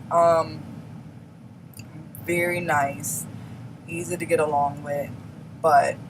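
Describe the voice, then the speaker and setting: Woman vlogger, blunt and candid, casual delivery, noisy take with traffic behind. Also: low-pitched. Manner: candid, blunt, emphatic with laughs. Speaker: beauty vlogger. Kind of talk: casual confessional chat.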